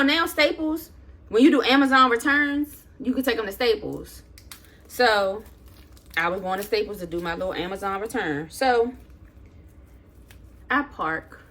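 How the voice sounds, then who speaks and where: A woman vlogger telling a story in a casual rant, exasperated and animated, acting out what she said while she preps food. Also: medium pitch. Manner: animated, exasperated retelling with acted-out quotes; talks while prepping food.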